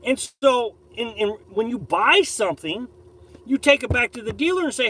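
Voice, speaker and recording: A man's voice: extremely high pitch, lively intonation, normal speed, a bit bright, poor audio. A man from Missouri hosting a casual live stream from his camper, rambling and opinionated as he reads viewer comments. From Missouri, USA. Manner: rambling, repeats and restarts, opinionated. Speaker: live-stream host reading viewer chat. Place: camper on a beach campsite.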